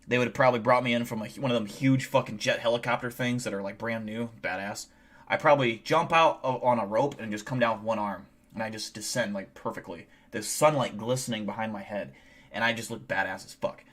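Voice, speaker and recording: A man's voice: medium pitch, a bit bright. A young man streaming live, chatting casually and telling a rambling, profane, boastful story.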